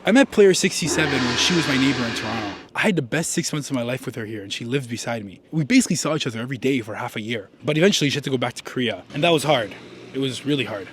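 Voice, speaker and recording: A young man talks straight to a handheld camera in a loose, profane, rambling way, with a voice of middling pitch. Clear street noise and traffic run behind him outdoors. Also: expressive, racing. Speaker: travel vlogger. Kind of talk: casual travel vlog.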